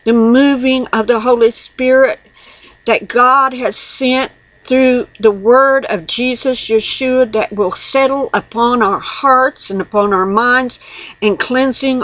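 A woman's voice: fairly high pitch, slow pace, a bit bright, no echo, rough recording. A middle-aged woman giving an earnest personal devotional sermon, reading scripture aloud and confessing her own faults. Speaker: lay preacher.

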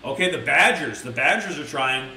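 A man streams himself reading a children's book aloud to his live chat, breaking in with crude, rambling, mock-outraged asides. His mid-range voice is expressive and sharp at a normal speed. The sound is roomy, picked up by a distant mic.

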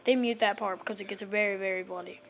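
A woman giving casual let's-play commentary, crude and excitable, swearing often. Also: mid-range voice, fast talker, poor audio.

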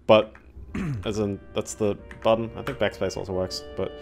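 A man's voice: lowish voice, moderate pace, gravelly, faint music behind. A young man giving casual, rambling gameplay commentary as a streamer. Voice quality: rambling, self-deprecating.

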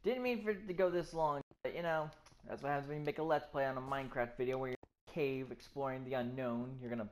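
A let's play gamer giving live gameplay commentary, excitable and swearing constantly while exploring. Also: mid-range voice, fast.

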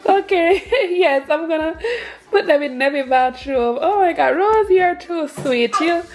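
A woman's voice: high voice, animated, measured pace, a little mellow. A young woman, a mother, gushing and emotional as she unboxes gifts in a casual vlog, laughing often. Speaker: family vlogger, mother.

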